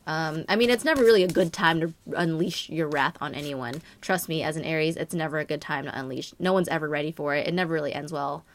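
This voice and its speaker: A young woman with a notably low voice talks through a monthly tarot reading. Her delivery is casual and meandering, full of fillers and self-corrections. The sound is dry, with no room echo. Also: fast, hardly any pauses. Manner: rambling, many fillers and "like". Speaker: tarot reader.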